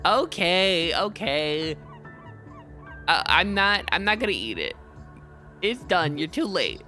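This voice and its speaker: Playful streamer with a very lively voice. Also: medium pitch, slow pace, long pauses, soft background music. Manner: playful, laughs often, reads dialogue aloud. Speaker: streamer playing a role-playing game. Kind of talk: casual gameplay commentary, voicing characters.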